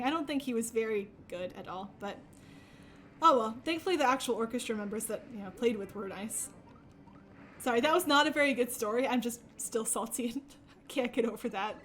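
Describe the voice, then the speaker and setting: Casting: young adult woman, high voice, rambling streamer chat full of laughs. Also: animated, a little fast, slight background noise. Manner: chatty and rambling, laughs often, many fillers. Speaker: speedrunner streaming a game. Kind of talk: casual chat while playing.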